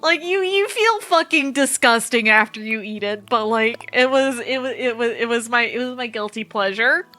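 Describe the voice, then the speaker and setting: A woman streaming a game and chatting with her viewers, her voice high and bright. She tells stories in an animated, chatty way and swears freely. Faint game music plays behind her. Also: moderate pace, few pauses. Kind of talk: casual chat while playing a game.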